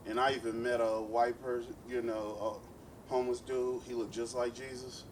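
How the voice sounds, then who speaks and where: His pitch is medium and barely moves, his pace moderate, with a little hiss or hum in the audio. He's an East Oakland, California man doing profane stand-up with playful asides, captured at a live club set through a distant mic amid a loud crowd.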